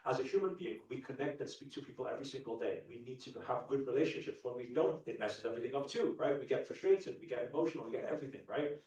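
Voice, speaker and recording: A man in his thirties leads a motivational talk in a large hall and keeps asking the audience questions. His voice booms back in a very echoey space. He stands well away from the microphone. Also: lively intonation, quick pace, few pauses, darkish tone. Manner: questions the crowd, repeats lines for emphasis. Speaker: spiritual teacher. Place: large hall at a live event. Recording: echoey hall, speaker far from mic.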